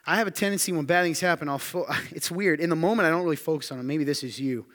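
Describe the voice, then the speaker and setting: A man preaching a sermon to a room, firing emphatic questions and dropping to quiet asides. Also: fairly high pitch, fast. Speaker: pastor. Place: church hall with audience. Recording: long hall reverb.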